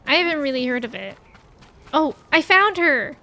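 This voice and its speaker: Woman streamer, casual chat, giggly, high voice, bright tone. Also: big pitch swings, moderate pace, a little hiss or hum. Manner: chatty, reads chat aloud, giggly. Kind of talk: casual chat while playing a game.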